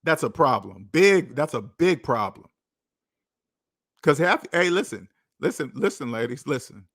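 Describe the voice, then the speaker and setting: A man's voice: mid-range voice, sing-song, unhurried, fairly bright tone, dry recording, clean studio sound. A man hosting his own channel, giving a repetitive, emphatic casual monologue. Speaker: channel host.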